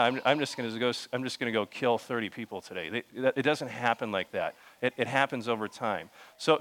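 A man's voice: medium pitch, a bit bright. Conversational young male preacher. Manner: conversational, with many restarts and asides to the congregation. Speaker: pastor. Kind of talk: sermon.

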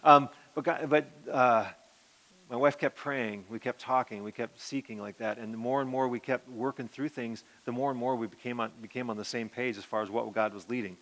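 A middle-aged man, a pastor, giving an earnest personal testimony that rambles with restarts and often sinks to a soft murmur. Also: medium pitch, steady tone, brisk, few pauses.

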